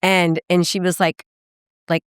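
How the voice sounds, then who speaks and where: A woman in her fifties, a real estate coach and podcast guest, telling animated stories and acting out the voices of the people in them. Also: on the low side, a little slow, smooth, no echo, studio quality. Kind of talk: casual podcast conversation.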